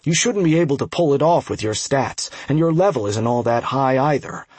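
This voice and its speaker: A weary veteran dagger fighter who talks low and tired, as a man puts him on. His voice is husky and mid-pitched, close to the narrator's own. The recording is dry and close. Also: expressive, brisk, a little mellow, no echo. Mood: warning.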